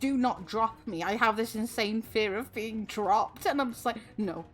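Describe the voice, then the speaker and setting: A woman's voice: on the high side, moderate pace. A Welsh woman in her twenties chatting on a stream, chatty and giggly with lots of fillers. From Wales. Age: 20s. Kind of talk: casual chat.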